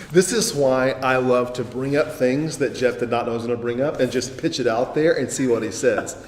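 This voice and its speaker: A man hosting a church gathering as pastor, enthusiastic and quick to cheer on his guest. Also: mid-range voice, a little hiss or hum. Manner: enthusiastic, quick to affirm with short exclamations. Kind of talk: conversational church talk. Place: church hall. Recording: echoey hall with long reverb.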